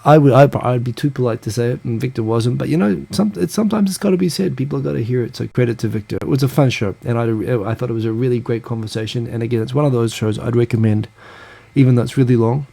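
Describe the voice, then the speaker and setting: Gravelly New man, chatty host. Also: medium pitch, fast talker, dark tone. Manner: rambling and chatty, with frequent fillers and asides. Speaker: live-stream host. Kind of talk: casual live-stream chat reading viewer comments.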